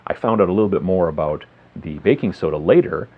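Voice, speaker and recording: A man's voice: sits low, expressive, fast talker. A man hosting a casual tabletop hobby tutorial, explaining in a rambling, friendly way full of fillers. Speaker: miniature hobby video host. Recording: slightly dull lo-fi sound.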